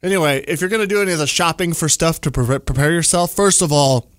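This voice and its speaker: A man's voice: on the high side, quick pace, a bit bright, no echo, studio quality. Jokey man hosting a comedic news show. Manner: jokey, playful, sarcastic asides. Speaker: radio show host. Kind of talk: comedic news segment chat.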